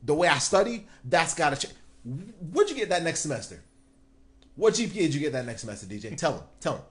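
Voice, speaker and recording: A man's voice: on the high side, big pitch swings, quick pace. A man hosting a mentorship live stream, giving an emphatic pep talk straight to his viewers.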